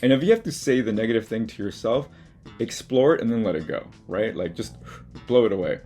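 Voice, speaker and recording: A man's voice: fairly low pitch, expressive, a little fast, a little mellow, faint music behind. A man hosting his own art video, talking frankly and casually about habits to drop, with swearing and self-mocking asides, from his studio. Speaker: artist and video host. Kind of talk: casual motivational talk to camera.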